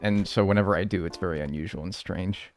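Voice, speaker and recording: A man's voice: low-pitched, quick pace. A young man chatting casually and rambling on a live gameplay stream, swearing freely as he talks. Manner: animated, chatty, swears a lot.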